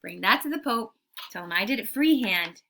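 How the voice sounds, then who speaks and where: A woman's voice: on the high side, animated, normal speed, pushed and bright, a little hiss or hum. A woman voicing a cocky, self-assured male master painter, speaking offhandedly and casually boastful.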